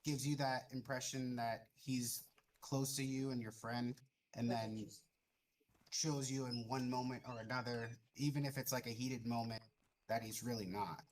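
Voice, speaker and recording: A man's voice: medium pitch, fairly even intonation, measured pace, a little hiss or hum. A man talking as a guest in a casual voice-call chat, laid-back and profane, using lots of slang. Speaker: guild member guest.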